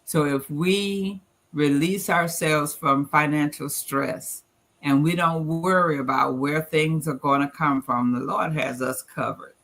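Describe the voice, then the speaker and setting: A man with a Southern US accent speaks in a bright, slightly high voice. He presents an earnest, plain-spoken talk at a church gathering and reads verses aloud in the same teaching tone. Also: steady tone, measured pace, gravelly. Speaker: guest presenter. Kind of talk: church financial talk with slides.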